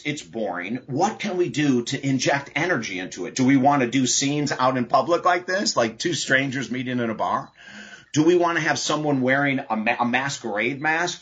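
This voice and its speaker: Male podcast guest, husky bright voice, lively storyteller. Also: medium pitch. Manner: animated anecdote telling with laughs. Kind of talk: casual storytelling interview.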